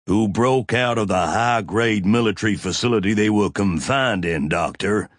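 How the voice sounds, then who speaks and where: A man reading an audiobook, voicing a smug, smooth male officer who speaks in a measured, dismissive way. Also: fairly low pitch, dry recording, studio quality, close to an everyday voice. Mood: insistent.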